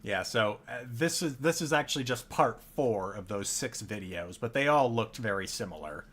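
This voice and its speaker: A man's voice: lowish voice, animated, moderate pace, fairly bright tone, breathy edge. A man co-hosting a casual chat, telling trip anecdotes over his own video footage with a chatty, laughing manner. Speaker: co-host.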